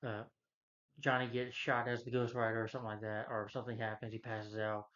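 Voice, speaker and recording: A man's voice: on the low side, completely flat delivery, fairly quick, a bit bright, muffled recording. A man reviewing a film in a casual, rambling rant, retelling scenes loosely and filling gaps with lots of "you know" and "uh". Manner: loose, meandering retelling with many fillers.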